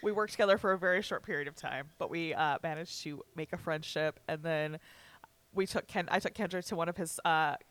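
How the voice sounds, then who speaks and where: Bright teasing woman podcast host. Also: sits low, brisk. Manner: giggly, teasing, with frequent fillers. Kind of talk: casual podcast chat.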